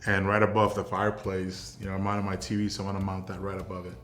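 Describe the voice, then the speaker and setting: This is a young man from South Texas, a veteran being interviewed, who speaks in a low, laid-back voice. He rambles through his anecdotes with plenty of "um" and "you know," keeping the tone of a casual conversation. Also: quick pace, slight background noise. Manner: relaxed, rambling anecdotes with many fillers. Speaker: interview guest, military veteran.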